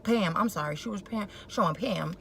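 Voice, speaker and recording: A mid-range female voice moves at a moderate pace as a young woman vlogs casually about a reality show episode. She is animated and sassy, colloquial in her wording and quick to share opinions, over clear background noise with vehicle sounds.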